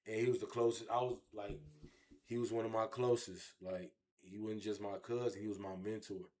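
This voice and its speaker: A man telling his own story in an interview, animated and repetitive, with heavy street slang. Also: lowish voice, normal speed. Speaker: interview guest.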